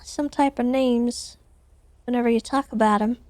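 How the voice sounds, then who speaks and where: A woman playing gentle officer Tessa. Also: on the high side, steady tone, normal speed, no room sound, lightly acted. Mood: soothing. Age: 30s. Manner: gentle, reassuring, hesitant restarts. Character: calm woman police officer Tessa, caring. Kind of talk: improvised game role-play.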